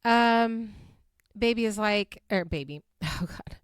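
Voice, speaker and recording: Recapping reality TV on her casual podcast, this weary host rambles and giggles chattily, dropping "like" again and again. She talks slowly in a smooth, medium-pitched voice, recorded at studio quality with no echo.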